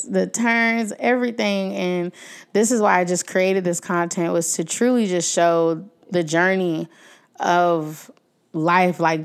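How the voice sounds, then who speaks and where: A woman's voice: fairly low pitch, clean tone. A young woman hosting her own podcast, talking casually and emotionally to her listeners, with many fillers and frequent thanks. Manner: warm-hearted, emotional, many fillers, talks to listeners as y'all. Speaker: podcast host. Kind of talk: casual heartfelt podcast outro.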